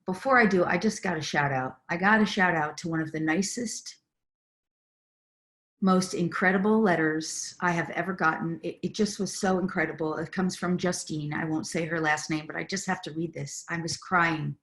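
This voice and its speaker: A woman's voice: lowish voice, normal speed, a bit bright. A woman spiritual teacher and healer giving a live online talk on a video call, earnest and effusive, with loose fillers and restarts.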